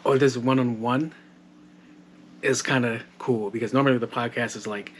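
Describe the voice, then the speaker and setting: A man's voice: medium pitch, fairly even intonation, normal speed. A man hosting a casual solo podcast from home, loose and joking, swearing freely, on a modded home mic. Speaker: podcast host. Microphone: modded home microphone. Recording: faint household background noise. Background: household background noise.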